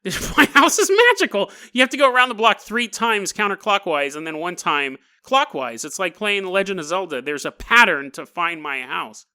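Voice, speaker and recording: A man voicing a lazy, unhurried male hotel doctor who hums and drifts off task. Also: high voice, animated, pushed and bright, clean tone, exaggerated voice. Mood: evasive. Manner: lazy, meandering, hums to himself.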